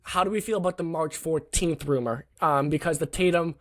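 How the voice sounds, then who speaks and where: Man, podcast host, slightly high voice, leads questions, casual. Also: fairly quick, a bit bright. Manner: steering the talk, laughing. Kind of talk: casual sports chat.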